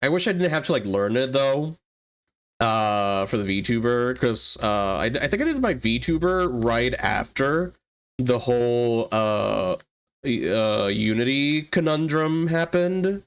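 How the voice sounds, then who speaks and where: A livestreamer and 3D artist in casual chat who laughs often, swears freely and jumps up in pitch when excited. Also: slow, smooth.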